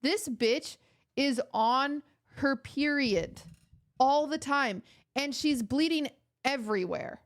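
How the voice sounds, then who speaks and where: A woman's voice: sits high, takes it slowly. A young woman streaming from home, chatting with her viewers in a rambling, joking, mock-outraged way. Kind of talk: casual chat with chat viewers.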